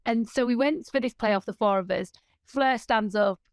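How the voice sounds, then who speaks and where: A woman with a fairly high voice chats as a podcast guest, telling her stories with lots of energy and frequent laughter. The sound is dry and close, with no room around it. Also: moderate pace, dry recording. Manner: lively storytelling, laughs often. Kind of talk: casual chat.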